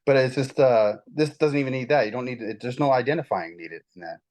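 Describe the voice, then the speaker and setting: Fast-talking man telling a story. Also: medium pitch, low-quality recording. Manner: rambling, animated storytelling with many restarts. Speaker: guest. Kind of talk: casual spiritual chat.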